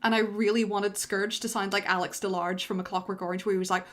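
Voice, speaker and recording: A woman's voice: mid-range voice, little pitch movement, fast talker, a bit bright. A young woman giving loose, self-deprecating director's commentary on her own animation during a livestream, full of fillers. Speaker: animator and streamer.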